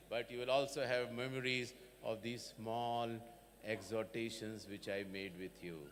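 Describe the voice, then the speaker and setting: A man's voice: mid-range voice, fairly bright tone, in a large hall. A man giving a convocation address to students, speaking in an emphatic way and asking many rhetorical questions. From India. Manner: slow, emphatic, repeats 'sir' and rhetorical questions. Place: large hall.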